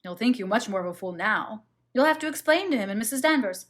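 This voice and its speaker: A woman reading the lines of a brusque, impatient English husband in an audiobook, in a curt, brisk manner. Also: fairly high pitch, expressive, close to an everyday voice. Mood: exasperated.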